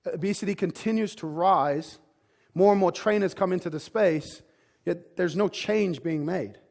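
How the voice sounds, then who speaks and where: A man's voice: high voice, moderate pace, gravelly, darkish tone. A man giving a motivational presentation to a room of fitness trainers. He talks emphatically, with frequent "like" and restarts. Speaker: fitness business speaker. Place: conference room with live audience.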